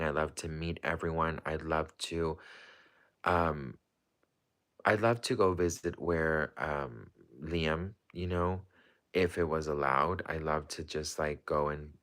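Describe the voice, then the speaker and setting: A low-voiced man chats loosely through a livestream, answering viewers' questions and piling up fillers and restarts as he goes. His voice sits deep but carries a bright, forceful edge. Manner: chatty and rambling, heavy with fillers and restarts. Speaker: livestream host. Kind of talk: casual livestream chat, answering viewer comments.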